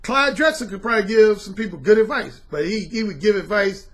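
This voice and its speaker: A man's voice: high voice, a little fast, fairly bright tone. A middle-aged man and dating coach talking bluntly and casually to his viewers, dropping "man" and slang as he goes. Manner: blunt, colloquial, repeats "man".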